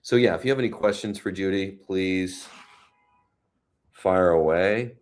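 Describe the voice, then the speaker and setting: Slow, low-voiced man hosting a live chat. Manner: chatty, reads viewer comments aloud, gentle and consoling. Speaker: host. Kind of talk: casual live-stream chat. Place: home in New York City.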